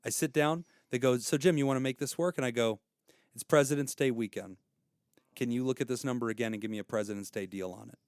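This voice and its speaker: A middle-aged man and podcast co-host, telling an animated, profane story and acting out the people in it. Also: medium pitch, fast talker, smooth, no room sound, clean studio sound. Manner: profane, ranting, acts out quoted people. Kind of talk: casual chat, animated storytelling.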